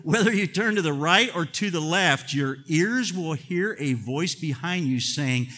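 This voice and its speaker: Older guy preaching, fired up then going quiet, bright forceful voice, kinda high. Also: animated, measured pace, few pauses. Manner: impassioned, swings between loud emphatic bursts and quiet asides. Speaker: pastor. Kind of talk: sermon.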